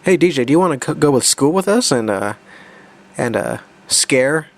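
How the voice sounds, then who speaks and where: A man voicing an excitable boy hero from his own comic, a bit higher than his usual talk. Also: normal speed, natural voice. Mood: eager.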